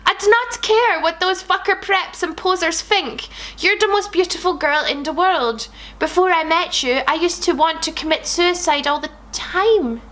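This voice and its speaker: A woman reading a melodramatic gothic teenage boy's lines in an overwrought, shouting way. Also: extremely high pitch, normal speed, voice pushed up. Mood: passionate. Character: melodramatic gothic teen boy, lovesick.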